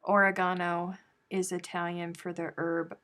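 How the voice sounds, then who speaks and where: A woman's voice: on the low side, flat delivery, measured pace, fairly bright tone. A woman hosting a casual crochet livestream, chatting playfully with viewers and reading their comments aloud. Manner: chatty, playful, drawling Southern turns of phrase.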